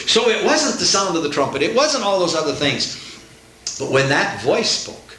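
A preacher man delivers a sermon with fervent energy, climbing to emphatic peaks. His voice is bright and forceful, pitched a little high. The sound rings heavily off a reverberant room. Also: big pitch swings, a little fast, slight background noise. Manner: fervent, rising to emphatic outbursts.

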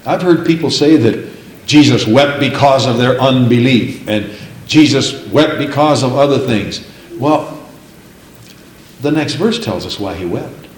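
A man's voice: mid-range voice, lively intonation, a little slow, a little hiss or hum. Male preacher, mid-range, folksy sermon storyteller, fervent scripture reader, reverberant room. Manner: folksy storytelling, rising to fervent emphasis when reading.

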